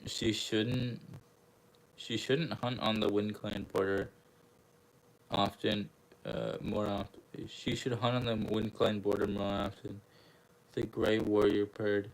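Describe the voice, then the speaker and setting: A young man reading a book aloud at a slow, unhurried pace, his voice sitting low. He often trips over words and corrects himself, then breaks off into amused asides. The feel is a casual read-along for an online channel. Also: flat delivery, creaky, poor audio. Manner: stumbling, self-correcting, laughing asides.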